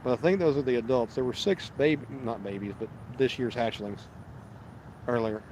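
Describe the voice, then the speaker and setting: A man's voice: medium pitch, normal speed, darkish tone, a little hiss or hum. A man, hosting a fishing livestream outdoors and chatting casually, rambling and restarting as he reads viewer messages. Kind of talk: casual live-stream chat. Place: outdoors at a park lake.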